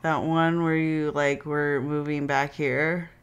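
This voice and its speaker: A woman's voice: low voice, little pitch movement, slow pace, clean tone, highs cut off. A woman co-hosting a podcast, chatting casually with short, teasing replies. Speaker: podcast co-host. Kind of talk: casual chat.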